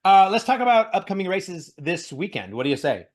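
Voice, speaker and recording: A man co-hosting a casual podcast, animated and joking, laughing often and rambling through news. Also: high voice, a little fast. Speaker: podcast co-host. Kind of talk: casual chat.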